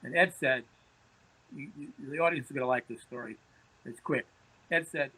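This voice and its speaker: A man's voice: mid-range voice, brisk, pushed and bright, breathy edge, poor audio. A man, a podcast guest telling anecdotes in conversation, often repeating words as he starts phrases. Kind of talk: storytelling in conversation.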